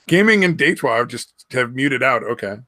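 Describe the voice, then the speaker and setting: A man's voice: medium pitch, lively intonation, normal speed, bright, forceful tone, no room sound. A man chatting casually on a podcast, rambling, swearing freely and trailing off mid-thought. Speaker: podcast host. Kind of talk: casual chat.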